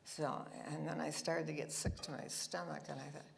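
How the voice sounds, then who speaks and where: A woman's voice: sits low, level tone, moderate pace, vocal fry. A woman giving a chatty, anecdotal talk to a church congregation, with asides and laughter, in a meeting room with a live audience. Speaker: guest speaker at a church service.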